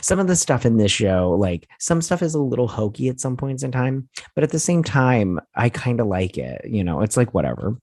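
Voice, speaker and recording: A man's voice: medium pitch, very animated, fairly quick, few pauses, darkish tone, no echo, clean studio sound. A sleepy man hosting a TV review channel, casually retelling an episode in a rambling, self-correcting way and often unsure of details. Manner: rambling, loose retelling full of "he's like" and "and everything". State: sleepy, yawning.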